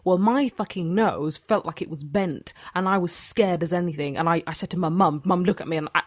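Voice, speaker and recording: A young woman in her early twenties tells a story in a loose, casual way. She swears freely and acts out every bit of the dialogue. Her voice sits fairly low, and the sound is close and dry with no room around it. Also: a little fast, dry recording. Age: early 20s. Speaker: podcast host.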